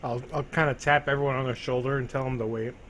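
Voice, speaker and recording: A man's voice: mid-range voice, fairly even intonation, fast talker, a bit bright, a little hiss or hum. A man playing a tabletop game, joking and giving orders to the party. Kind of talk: casual in-character play.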